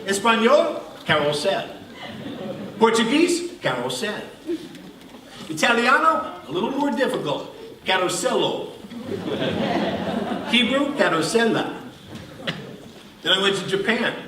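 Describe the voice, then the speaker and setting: A man's voice: very high-pitched, very animated, unhurried, long pauses, noisy background. Joking older man in an echoey hall. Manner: chatty, joking, laughs often. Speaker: bubble performer. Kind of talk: live stage show patter. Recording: echoey hall from far off, crowd audible.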